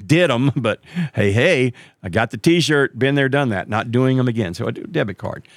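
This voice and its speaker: A middle-aged man tells a long story in a casual monologue. His gravelly voice rises and falls a lot, and it jumps high whenever he quotes someone else. The sound is dry and close, with no room echo. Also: moderate pace. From Texas. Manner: animated, jumps way up in pitch when quoting others.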